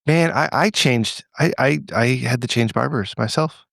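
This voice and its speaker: A man's voice: mid-range voice, moderate pace, creaky, a bit bright, no echo. A man hosting a podcast in loose, rambling chat, swearing freely and restarting his sentences. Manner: rambling, profane, with frequent restarts. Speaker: podcast host.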